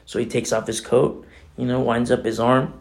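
A male pastor with a mid-range voice preaches a conversational sermon at normal speed. He's animated and emphatic, though at times he drops to a hushed near-whisper.

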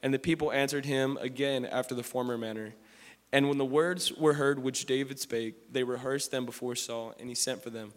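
A man's voice: mid-range voice, fairly even intonation, moderate pace. A man preaching a sermon, reading scripture aloud and then commenting on it in casual, slangy talk with frequent restarts. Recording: long hall reverb.

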